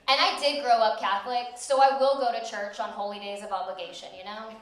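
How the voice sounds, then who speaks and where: A young woman doing a stand-up comedy set on a club stage, delivering deadpan, self-mocking punchlines. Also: a little high, fairly quick, few pauses. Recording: echoey club, voice from far off.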